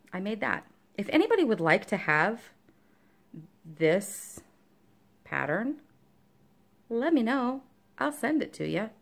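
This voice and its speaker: A cross-stitch vlogger chats casually in a show-and-tell video about her stitching, rambling with plenty of fillers and talking to her dog between topics. Her voice is medium-pitched and creaky.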